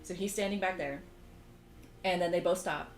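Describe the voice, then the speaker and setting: A young woman vlogger chatting casually while she draws, telling a story in an animated, exasperated way with sudden jumps in pitch. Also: moderate pace, echoey room, faint music behind, low-quality recording. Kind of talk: casual chat while drawing.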